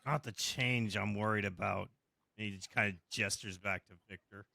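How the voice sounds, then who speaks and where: A man playing in a tabletop game, describing his character slowly and haltingly. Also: on the low side, steady tone, vocal fry, bright, forceful tone, dry recording, studio quality. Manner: slow, halting, hesitant. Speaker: player. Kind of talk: casual tabletop play.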